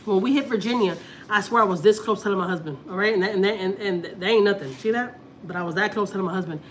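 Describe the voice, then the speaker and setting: A Texas woman talks loosely to her viewers, circling back and repeating herself as she tells a story. Her pitch sits at a middling level. Faint noise hums under the recording. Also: fast talker, a bit bright. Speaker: family vlogger. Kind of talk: casual live-stream chat.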